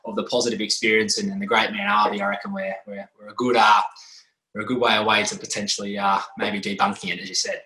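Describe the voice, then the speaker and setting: A man's voice: fairly low pitch, quick pace, reverberant, low-quality recording. A man, a physiotherapist, talking casually on a podcast in a rambling, storytelling way. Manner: rambling, animated storytelling with restarts. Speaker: physiotherapist guest.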